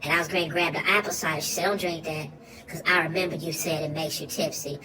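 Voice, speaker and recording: A woman's voice: low voice, steady tone, quick pace, recorded from a distance, noisy background, close to an everyday voice. A woman playing a goofy, food-loving young boy, rambling through a comic monologue with slang and sudden squealing outbursts.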